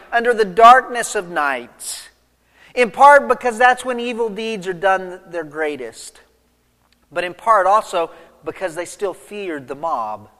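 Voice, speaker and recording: A pastor delivers an expository sermon, vividly retelling the story and posing rhetorical questions to his listeners. His voice is high-pitched and a bit bright, with a big-room sound.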